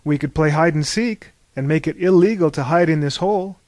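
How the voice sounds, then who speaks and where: A man voicing a pompous, excitable old captain in a storybook reading, with grandiose, archaic, exclamatory speech. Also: on the high side, a little fast, dry recording, close to an everyday voice. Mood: chatty.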